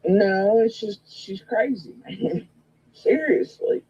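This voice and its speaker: A woman's voice: medium pitch, takes it slowly, husky, no room sound, lo-fi sound. A woman telling a long gossip story in a casual, rambling way, full of swearing and quoted retorts. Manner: profane, rambling and animated. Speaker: guest in a recorded conversation.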